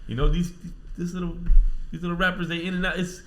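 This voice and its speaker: Middle-aged male podcast co-host, animated and profane, bright edgy tone, roomy echo. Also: high voice, quick pace. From Miami. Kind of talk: casual chat.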